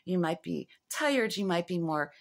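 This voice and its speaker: A woman in her fifties talking to camera in a rambling monologue, halting with fillers and restarts and rising into agitated, urgent questions. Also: on the low side, animated, vocal fry. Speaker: vlogger.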